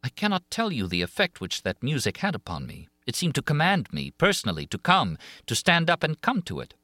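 A man's voice: a little high, wildly swooping pitch, a little fast, sharp tone, no echo, clean studio sound, voice pushed up, full character voice. A man reading an audiobook of a classic novel, voicing a haunted, pleading young woman singer with emotive swings of feeling. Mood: haunted recounting. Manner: emotive, rising and falling with feeling.

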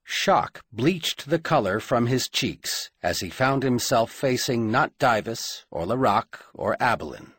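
A man narrating an audiobook in measured, dramatic storytelling. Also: fairly low pitch, a bit bright, husky, no room sound, studio quality.

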